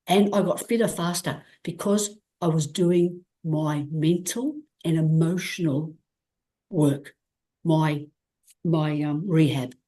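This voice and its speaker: An Australian woman, a guest athlete in an interview, candidly tells her story in a deep voice at a slow pace. She's animated, acts out quoted dialogue and restarts frequently.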